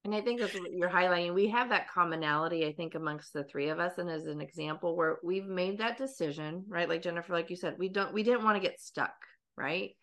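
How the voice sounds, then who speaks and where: A woman's voice: lowish voice, a little fast, hardly any pauses, fairly bright tone. A woman hosting a podcast interview, speaking in a thoughtful, affirming way and often checking in with "right?". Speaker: podcast host. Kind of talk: reflective interview conversation.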